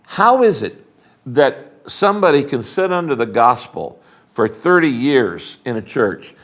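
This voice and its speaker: An older man, a retiring pastor, speaking as an interview guest in an emphatic, animated, preacherly way, acting out little dialogues as he talks. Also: mid-range voice, unhurried.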